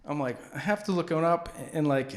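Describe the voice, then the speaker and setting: A man with a fairly high-pitched voice speaks briskly as host of a public access comedy show. His monologue is goofy and rambling, and he keeps interrupting himself and starting over.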